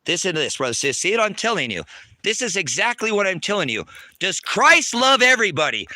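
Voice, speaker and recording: Angry, profane preaching man. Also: no room sound. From United States. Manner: angry, profane and preachy, swings between shouting and low lecturing. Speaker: livestream preacher. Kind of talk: heated livestream rant to chat.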